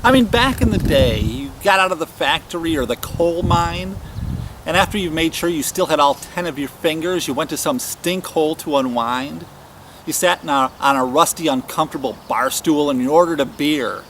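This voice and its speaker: A man's voice: fairly high pitch, normal speed, a bit bright, slight background noise. A man hosting a show, delivering a sardonic comedic monologue in a wry, mock-scolding way. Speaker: show host.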